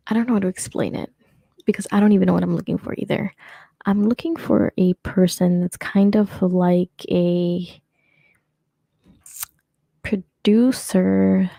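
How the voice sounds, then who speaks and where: Speaking with vocal fry and a warm tone at medium pitch, a young adult woman chats alone on her show. She rambles with many fillers and restarts. No echo is present.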